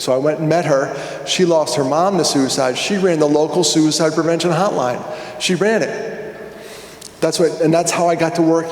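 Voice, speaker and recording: A man's voice: on the high side, darkish tone. A man giving a conversational, jokey talk at a conference, telling stories and asking the audience questions. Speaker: conference speaker. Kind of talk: storytelling keynote talk. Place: large hall with an audience. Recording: echoey hall, long reverb.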